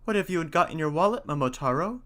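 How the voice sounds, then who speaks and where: Man voicing a shrill, eager folktale pheasant with clipped bird calls. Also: expressive, quick pace, sharp tone.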